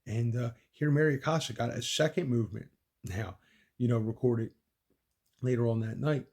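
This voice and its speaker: A man's voice: mid-range voice, normal speed, a little mellow. A man telling a rambling personal story, profane and repetitive, with many restarts. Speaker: son recounting his mother's death.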